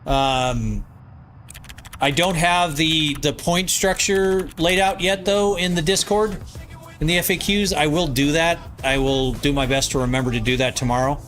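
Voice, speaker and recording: A man's voice: fairly high pitch, measured pace, a bit bright. A man with a nasal voice, live-streaming from his home basement, reading viewer comments aloud and answering in loose, rambling casual chat.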